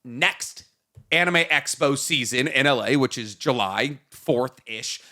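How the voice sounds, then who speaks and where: A man's voice: mid-range voice, slow, pushed and bright. A man co-hosting a podcast, trading profane jokes in rambling, casual banter. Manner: joking, profane, rambling riffs. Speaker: podcast co-host.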